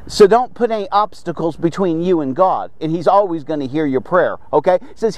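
A man with a high voice and lively intonation hosts a devotional podcast at a moderate pace, in a dry recording made on a phone while he sits in a chair in a lot outdoors. He preaches in a chatty, jokey way, tossing in humorous asides and repeating "okay?" often.

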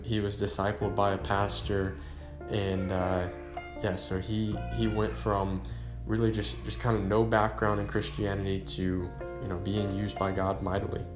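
A man reading an old sermon aloud, then talking casually about the preacher's life with many restarts and fillers. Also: on the low side. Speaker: podcast host reading a sermon. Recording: roomy sound with guitar music behind.

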